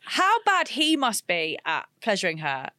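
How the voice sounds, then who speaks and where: A woman, a guest on a podcast, making bawdy jokes and reacting loudly and with giggles. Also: medium pitch, wildly swooping pitch, unhurried, dry recording, studio quality. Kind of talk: casual banter.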